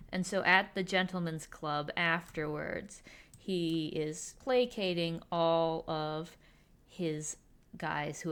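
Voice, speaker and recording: Woman host, wry and sarcastic, casual recap with quick character asides; lowish voice. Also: fairly bright tone. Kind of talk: casual comedic recap while drawing.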